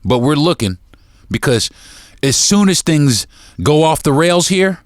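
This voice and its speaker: A man's voice: a little high, sing-song, unhurried, no echo, studio quality. A man hosting his own podcast, delivering a heated opinion monologue straight to his listeners. He repeats words and restarts sentences as he gets worked up. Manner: addresses listeners directly as folks. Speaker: podcast host.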